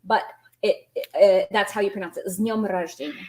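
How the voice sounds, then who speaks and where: A woman's voice: mid-range voice, steady tone, darkish tone. A woman teaching an online language lesson, explaining grammar patiently and quizzing her students. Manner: patient, explains slowly, asks students questions.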